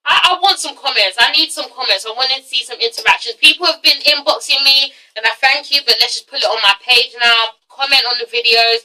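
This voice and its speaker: Young woman reviewer, high and piercing, blunt and foul-mouthed, mic set back a little. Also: a little fast, few pauses, sharp tone, distant mic, low-quality recording. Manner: blunt, profane ranting. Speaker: TV reality show reviewer. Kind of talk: casual vlog review.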